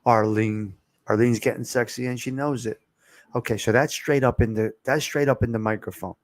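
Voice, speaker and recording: A man's voice: medium pitch, fairly even intonation, moderate pace, dry recording, studio quality. A man hosting a casual livestream chat, chatty and asking viewers how his microphone sounds. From Italian-American, from New Jersey. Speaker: livestream host. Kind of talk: casual chat reading live comments. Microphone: close desk microphone.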